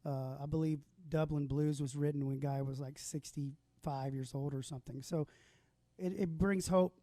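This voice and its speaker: A man's voice: on the high side, steady tone, moderate pace, warm tone, no room sound. A man hosting a casual livestream, chatting with a guest and telling stories in an easygoing way. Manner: easygoing storyteller, laughs often. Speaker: host.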